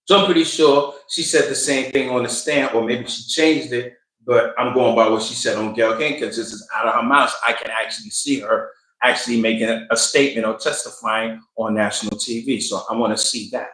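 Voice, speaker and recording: Bright-voiced man giving animated commentary. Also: mid-range voice, a little fast, echoey room, rough recording. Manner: animated storytelling, colloquial, acts out quotes. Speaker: commentary host. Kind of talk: casual commentary.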